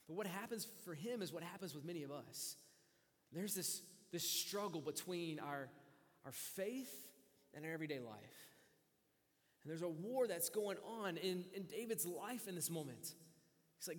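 Impassioned high-voiced male preacher. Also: expressive, moderate pace, long pauses, in a large hall. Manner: impassioned, swings from hushed to loud. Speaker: pastor. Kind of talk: sermon.

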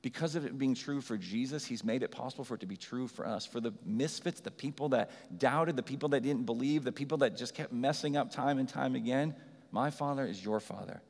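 A man preaching an Easter sermon as a pastor, swinging from loud and urgent to quiet and soft. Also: mid-range voice, a little fast, hardly any pauses. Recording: hall reverb.

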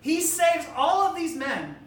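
A woman's voice: very high voice, sing-song, a little slow. A woman preacher delivering an emphatic, rhetorical sermon in which she challenges death directly. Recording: roomy hall, distant mic, faint ambience.

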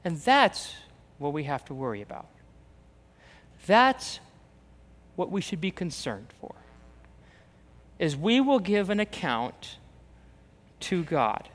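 A man's voice: a little high, big pitch swings, slow, long pauses. A man preaching a sermon as pastor, emphatic, repeating phrases and acting out the voices he quotes. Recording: reverberant hall, long echo.

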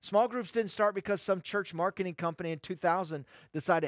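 Emphatic high-voiced preacher man. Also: fairly quick, hardly any pauses, fairly bright tone, no echo, studio quality. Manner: emphatic, repeats phrases for stress. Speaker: pastor. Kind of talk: sermon.

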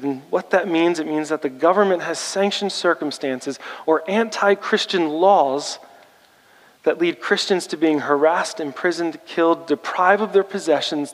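Man preaching in an echoing church hall. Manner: rallying, rising in pitch and force when challenging the congregation. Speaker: pastor. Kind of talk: sermon.

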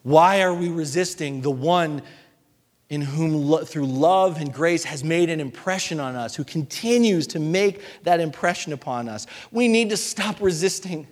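A man preaching a sermon as pastor, passionate and repetitive, swinging between loud appeals and hushed, soft passages. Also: a little high, moderate pace, in a large hall. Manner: impassioned, repetitive preaching with rising and falling intensity.

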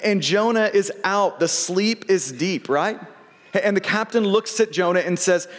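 Male pastor, high register, earnest sermon delivery with stumbling repeats; long hall reverb. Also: expressive, moderate pace. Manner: earnest, frequent word repeats and restarts.

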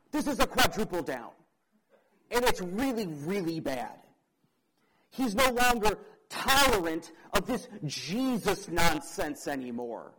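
A young man preaching a sermon, dramatic, asking the audience questions and swinging between loud emphasis and quiet. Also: high-pitched, poor audio.

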